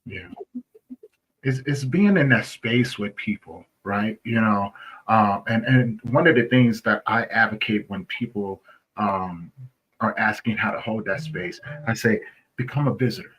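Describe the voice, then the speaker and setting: A man's voice: on the low side, measured pace, a bit bright, husky, highs cut off. A man speaking as a guest in a conversational interview, earnest, often asking "right?" and restarting his phrases.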